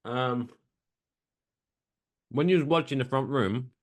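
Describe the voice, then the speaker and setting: A man's voice: mid-range voice, takes it slowly. A man co-hosting a podcast, chiming in with teasing, wisecracking questions in casual banter. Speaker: podcast co-host.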